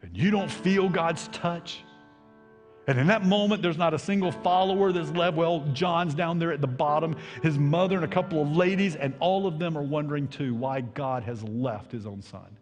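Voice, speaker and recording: Middle-aged Southern preacher, man, higher-pitched voice, impassioned sermon with hushed dips, echoing sanctuary. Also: normal speed. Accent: Southern American. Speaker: pastor. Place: church sanctuary. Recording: long hall reverb, faint music.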